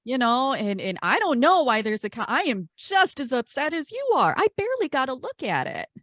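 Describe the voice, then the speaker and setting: A woman's voice: high voice, sing-song, fairly quick, a bit bright, no room sound, clean studio sound, pitched above the performer's own voice, exaggerated voice. A woman voicing an exasperated adventurer who stumbles over her words in a casual, everyday voice. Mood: flustered.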